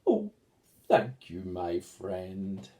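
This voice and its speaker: Brief: grumpy, impatient long-nosed red goblin, put on by a male storyteller, lively swooping voice, slow and mellow delivery for a children's picture story. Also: heavily acted. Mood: sorry. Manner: grumbling, then wailing high and tearful.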